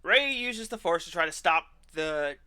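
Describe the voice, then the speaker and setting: Man, streamer, high voice, piercing bright tone, sarcastic ranting, swears. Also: lively intonation, a little slow, clean tone. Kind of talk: ranting commentary while gaming.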